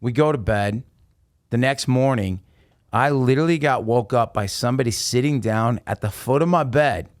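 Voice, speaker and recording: Male podcast guest, mid-pitched, animated storyteller, dry close sound. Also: normal speed, dry recording. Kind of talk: casual storytelling.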